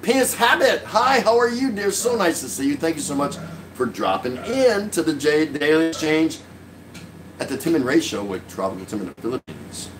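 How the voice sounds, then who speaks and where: An older man hosts a casual live stream from his couch at home, sipping a beer as he reads viewer comments aloud. He jokes easily and chuckles often, with a voice a little higher than most men's. A faint steady noise sits under his voice. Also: moderate pace. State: drinking beer while talking.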